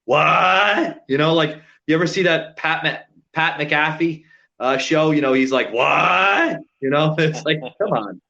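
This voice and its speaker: A man's voice: on the high side, fairly even intonation, moderate pace, a bit bright. Exasperated man on dull lo-fi audio. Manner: profane, exasperated, rhetorical questions. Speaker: podcast co-host. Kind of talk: casual podcast chat.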